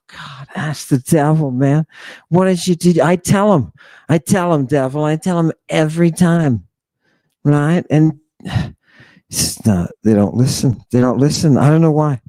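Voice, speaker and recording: A man's voice: a little high, dark tone, dry recording. A man hosting an irreverent, theatrical lecture, mocking and talking straight to his audience. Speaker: host. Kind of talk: irreverent lecture on ancient texts.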